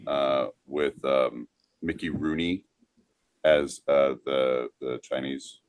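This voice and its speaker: A man's voice: very deep voice, steady tone, slow, smooth, no echo. A man co-hosting a podcast in casual comedic chat, drawing out his words. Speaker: podcast co-host.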